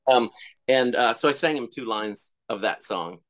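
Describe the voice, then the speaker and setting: A man's voice: medium pitch, normal speed, a bit bright. A middle-aged man, a comedian and songwriter, telling stories in a casual interview, rambling with many fillers and restarts.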